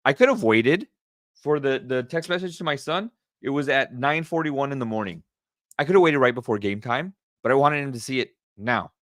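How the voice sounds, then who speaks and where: A man's voice: mid-range voice, normal speed, dry recording, clean studio sound. Middle aged guy doing his podcast solo, pumped up, keeps repeating himself, mid voice. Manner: energetic, excited, repeats himself. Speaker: podcast host. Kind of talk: casual solo podcast talk.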